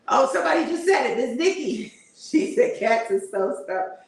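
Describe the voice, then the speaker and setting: A woman's voice: sits high, sing-song, normal speed. A middle-aged woman hosts a casual livestream, chatting, laughing often and reading viewer comments aloud. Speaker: livestream host. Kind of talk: casual live-stream chat. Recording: very echoey room, voice far from mic.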